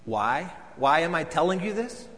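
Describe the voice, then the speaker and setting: A bitter, vengeful temple council elder, brought to life by a man speaks in a theatrical religious monologue. His slightly raised voice is bright and rises and falls widely, and he delivers it unhurried, moving between loud outbursts and hushed, seething lines. A long hall reverb trails each phrase. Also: sits high, gravelly. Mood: recounting, measured. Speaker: dramatic monologue performer.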